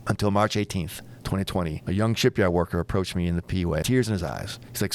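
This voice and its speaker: Deep-voiced older man recounting command. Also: a little fast, few pauses, a little hiss or hum. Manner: candid, storytelling with quoted dialogue. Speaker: former aircraft carrier captain, guest. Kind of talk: storytelling interview.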